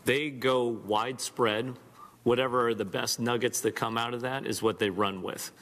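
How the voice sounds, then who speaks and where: A man giving measured, explanatory testimony as a witness at a hearing. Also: medium pitch, fairly even intonation, a bit bright. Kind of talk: formal testimony.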